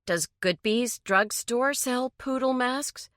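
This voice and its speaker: An impatient, sharp-tongued woman who doesn't let a silly idea pass. Her lines rise high and forceful as a woman voices her. The recording is dry and close. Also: takes it slowly, dry recording. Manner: blunt and sarcastic.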